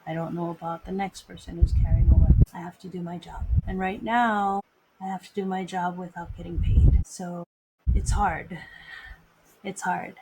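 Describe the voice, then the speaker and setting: A woman's voice: on the low side, background noise. A woman hosting a podcast, talking in an earnest personal monologue about her work as an airport security screener and repeating phrases for emphasis. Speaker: podcast host.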